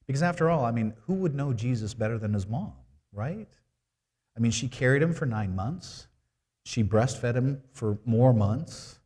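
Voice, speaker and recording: A man's voice: mid-range voice, dark tone. A man preaching a sermon as a church minister, in a conversational tone with rhetorical questions.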